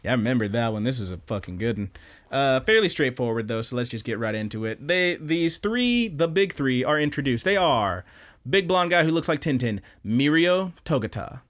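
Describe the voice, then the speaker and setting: A man's voice: medium pitch, moderate pace. Man casually recapping anime episodes. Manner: animated, profane storytelling. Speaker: podcast host.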